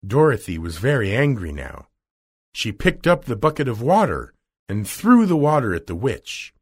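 A man narrating a children's storybook in a slow, expressive read-aloud manner. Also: mid-range voice, breathy edge. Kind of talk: storybook reading.

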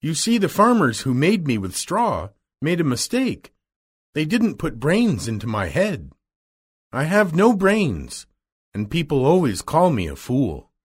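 A friendly scarecrow stuffed with straw, gentle and a little plaintive, played by a male storyteller. The voice is lifted above his usual pitch and leaps about widely. It stays husky and unhurried throughout. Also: huge pitch swings, exaggerated voice. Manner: slow storybook reading, bouncy pitch. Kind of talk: storybook reading.

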